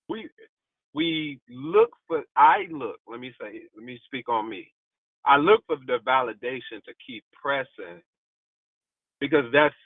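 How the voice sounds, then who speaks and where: Male preacher, lively pitch, repeats lines with emphasis; tinny dry phone-line audio. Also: no echo. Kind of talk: motivational devotional talk.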